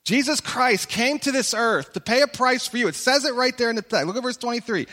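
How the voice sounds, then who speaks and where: A man's voice: very high voice, fairly quick, pushed and bright, long reverb tail. A man preaching a sermon as pastor from a church stage. He preaches with passion and at times speaks in the voices of imagined listeners.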